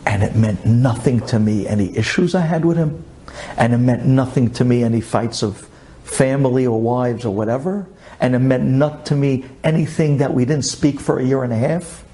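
A man telling a personal story in an emotional sermon, dropping to near whispers and then rising high. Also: moderate pace. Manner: dramatic swings from hushed to soaring. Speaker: religious speaker.

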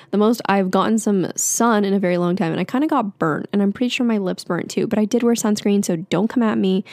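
A woman's voice: medium pitch, darkish tone, no echo, studio quality. A young woman hosting her own podcast, talking casually and candidly with frequent fillers and light laughs. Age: young adult. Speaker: podcast host. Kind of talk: casual solo podcast chat.

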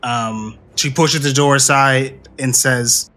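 A man narrating a tabletop game as game master, relaxed and full of ums and uhs. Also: mid-range voice, slow pace.

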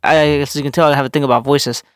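A man's voice: a little high, steady tone, quick pace, no echo, clean studio sound. A young man co-hosting a podcast, rambling casually with lots of fillers and restarts. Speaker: podcast co-host. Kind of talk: casual chat.

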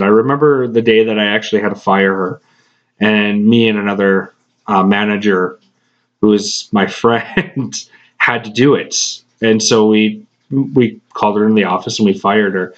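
A man hosting a podcast, telling a rambling workplace story in casual chat, swearing often and laughing between phrases. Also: on the low side. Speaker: podcast host. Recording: slightly dull lo-fi podcast recording.

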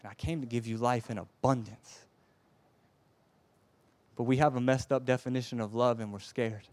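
A man preaching a sermon with passion, swinging from loud urging to a soft hush and often stammering and repeating words. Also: medium pitch, steady tone, normal speed, no room sound.

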